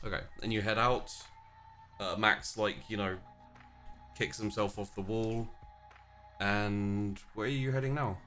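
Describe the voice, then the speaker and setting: A man narrating as game master in a casual, halting way with many fillers. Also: fairly low pitch, fairly even intonation, a bit bright, faint music behind.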